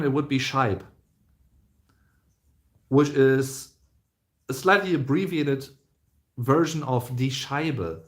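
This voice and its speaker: A man's voice: mid-range voice, a bit bright. A young man, chatting casually on a live stream, rambling with lots of fillers and restarts. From Germany. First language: German.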